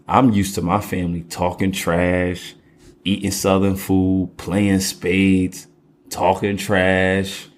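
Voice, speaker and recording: Deep-voiced young man, slangy, joking, teasing, casual podcast chat. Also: darkish tone, a little hiss or hum. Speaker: podcast co-host.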